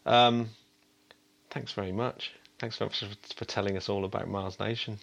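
A man co-hosting a casual podcast in a fairly low voice. He stumbles through repeated restarts but sounds keen and upbeat. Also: steady tone, normal speed, creaky, a bit bright. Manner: stammering restarts, chuckling, enthusiastic. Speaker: podcast co-host. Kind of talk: casual chat.

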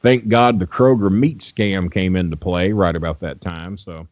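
A man's voice: deep voice, fairly even intonation, moderate pace, a little mellow, dry recording, lo-fi sound. A man from Louisville telling rambling, profane stories as a guest on an interview show. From Louisville, Kentucky. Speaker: guest, wrestling manager. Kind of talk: casual interview storytelling.

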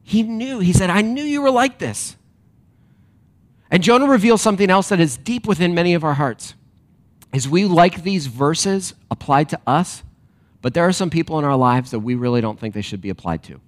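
A man preaching a sermon to a congregation, animated and emphatic, then dropping to quiet reflective questions. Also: a little high, a little fast. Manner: direct address to a congregation with rhetorical questions. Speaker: pastor.

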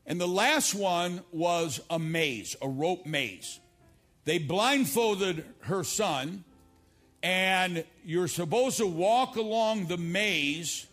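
A middle-aged male pastor preaching a televised church sermon, telling stories and moving from loud, emphatic lines to low, quiet asides. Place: church service filmed for television.

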